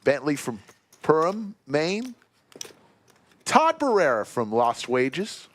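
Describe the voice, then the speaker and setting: A man commentating a live poker stream, chatting and reading out viewer shout-outs. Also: fairly high pitch, big pitch swings, takes it slowly, dry recording.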